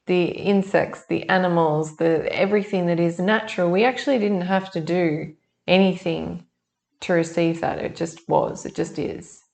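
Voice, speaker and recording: Woman tarot reader, casual and chatty, lower voice with some fry. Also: a little mellow. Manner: chatty, thinks aloud, many restarts. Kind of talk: casual monthly tarot reading.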